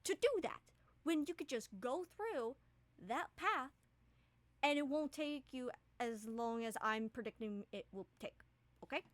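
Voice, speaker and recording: Boastful pushy creature guide, put on by a woman game master, high and bright, dry sound. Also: animated, a little slow, no room sound. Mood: insistent.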